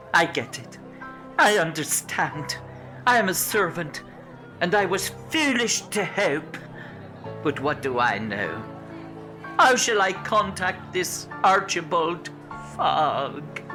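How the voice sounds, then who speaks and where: An actor playing a bumbling, loyal young French manservant with a put-on French accent in a comic radio play. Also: male voice, fairly high pitch, sing-song, slow, long pauses, bright, forceful tone, faint music behind, heavily acted. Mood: eager.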